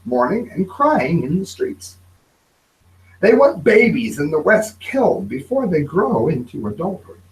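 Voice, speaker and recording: A man hosting an opinion commentary show, mocking and sarcastic, with sudden shouted outbursts. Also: on the high side, poor audio. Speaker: host.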